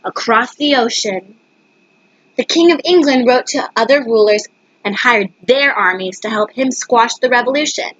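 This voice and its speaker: Woman reading a kids book out loud on a webcam, trips on words, breathy high voice. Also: moderate pace, no echo, lo-fi sound. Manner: stumbles over words and corrects herself. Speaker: reader. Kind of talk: reading a picture book aloud.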